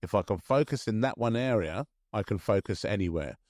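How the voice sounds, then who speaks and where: Laid-back low-voiced male podcast host. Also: animated, a little fast, darkish tone, no echo, studio quality. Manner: chatty, laughs often, restarts sentences. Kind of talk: casual chat.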